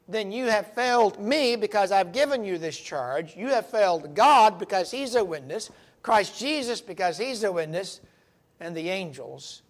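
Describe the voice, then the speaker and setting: A man teaching a Bible study, earnest and emphatic, stressing key words as he reads verses aloud. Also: sits high.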